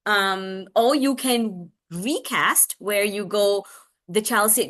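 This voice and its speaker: A woman's voice: medium pitch, takes it slowly. A woman speech therapist giving a parenting webinar talk, chatty, with many fillers and restarts. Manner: acts out lively sing-song examples.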